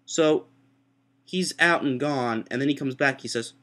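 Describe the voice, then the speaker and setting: A sick young man with a sore throat rambles through a story for his vlog, poking fun at himself as he goes. His voice sits at a middle pitch and keeps jumping up high whenever he acts out what someone said. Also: moderate pace, a bit bright. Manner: rambling, self-mocking, jumps into high voices for quotes. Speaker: vlogger. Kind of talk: casual storytelling.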